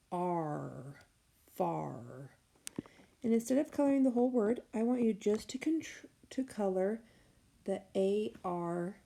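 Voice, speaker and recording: A woman teacher walks young learners through a phonics lesson, stretching out each letter and sound. Her voice is low, dark and mellow, with a gravelly edge, and she speaks very slowly. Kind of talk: recorded phonics lesson for children. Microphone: tablet microphone.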